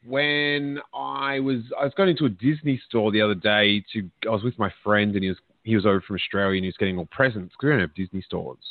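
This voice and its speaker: A man's voice: lowish voice, quick pace, few pauses, no room sound. A man hosting a podcast, telling rambling stories in a jokey, chatty way. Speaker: podcast host. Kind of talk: casual chat. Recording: dry, phone-like narrow sound.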